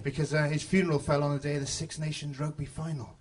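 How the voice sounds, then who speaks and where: A married man doing a deadpan stand-up routine on a club stage, dropping quiet asides. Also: fairly high pitch, fairly quick, few pauses, slightly rough. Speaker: stand-up comedian.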